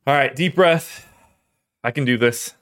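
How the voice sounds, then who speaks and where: A man's voice: mid-range voice, unhurried, a bit bright. A young man hosting a fantasy sports show, talking casually and rambling, his voice cracking as he gets choked up. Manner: rambling, self-deprecating, emotional about his team. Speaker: fantasy sports podcast host. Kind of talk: casual solo livestream talk.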